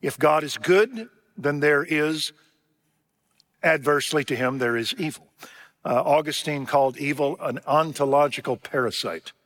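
A man preaching a sermon as pastor, asking his listeners questions and slowing down to stress key words. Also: on the high side, a bit bright, long reverb tail. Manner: rhetorical questions, slows for emphasis.

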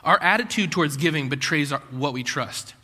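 A man's voice: a little high, lively intonation, brisk, pushed and bright. A man preaching a sermon in a conversational way, full of rhetorical questions and acted-out quotes. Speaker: pastor. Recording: long hall reverb.

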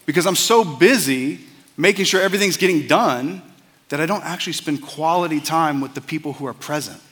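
A man's voice: on the high side, fairly quick, fairly bright tone, slightly rough, in a large hall. A man preaching a sermon as a pastor, earnest and conversational, often repeating words as he starts a phrase.

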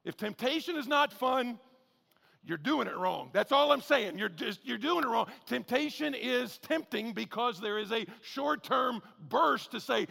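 A male pastor preaching a sermon with a high, bright voice full of gravelly fry. He keeps it conversational, punches points with near-shouts, then drops into low, quick asides. A long reverb from a big hall trails each phrase. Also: lively intonation.

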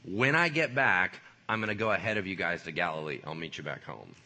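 A man voicing a calm male teacher who speaks to his followers in a low, quiet way. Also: a little fast, heavily acted.

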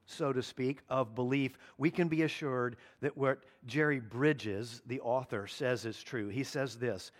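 A man preaching a sermon as pastor, earnest, slowing down to stress key lines. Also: mid-range voice. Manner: earnest preaching, slows down for emphasis.

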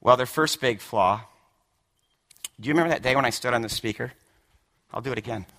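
Emphatic male preacher with bright voice. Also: mid-range voice, a little fast. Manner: emphatic, repeats words, swings from hushed to shouting. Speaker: pastor. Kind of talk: sermon.

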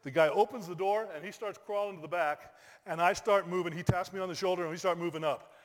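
A middle-aged man, a pastor, telling a lively personal story in a sermon, bursting into shouted exclamations. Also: sits high, fast talker. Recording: long hall reverb.

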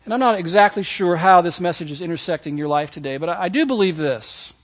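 A man's voice: sits high, animated, fast. A man preaching a sermon as pastor, speaking earnestly and directly to his congregation, repeating key phrases for emphasis. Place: church service.

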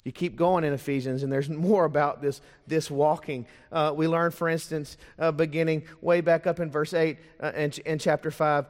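Fairly high-voiced preacher in a reverberant church. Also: male voice, steady tone, moderate pace, few pauses. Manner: storytelling preacher, rhetorical questions, drops to a hush for emphasis. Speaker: pastor. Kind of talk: sermon. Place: church sanctuary. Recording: long church hall reverb.

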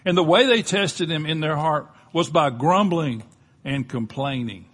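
Husky older Southern preacher. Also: male voice, a little high, unhurried, fairly bright tone. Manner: folksy, conversational preaching with humor. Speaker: pastor. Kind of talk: sermon.

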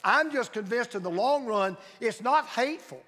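A man's voice: very high-pitched, expressive, moderate pace, pushed and bright, big-room sound. A man preaching a sermon as pastor in a church, building his points through emphatic, repeated phrases. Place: church sanctuary.

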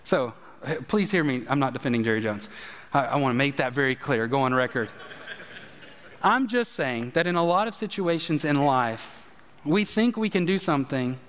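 Animated preacher in a reverberant hall. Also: male voice, medium pitch, normal speed. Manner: animated, emphatic preaching with direct address. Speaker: pastor. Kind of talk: sermon.

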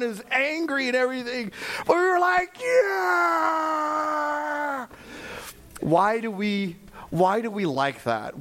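A middle-aged man, a pastor, preaching a sermon and telling a story in an animated way, shouting now and then for emphasis. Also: very high voice.

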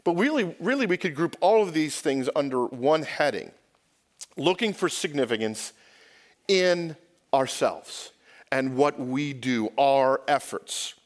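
A man's voice: on the high side, animated, measured pace. A man from the United States preaching a sermon to his church, conversational, often asking the congregation questions and restarting phrases. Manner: conversational, self-correcting, asks the congregation questions. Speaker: pastor. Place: church sanctuary.

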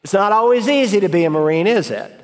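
A middle-aged man preaching an expository sermon, emphatic and building to forceful exhortation. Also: sits high, expressive, fast, in a large hall.

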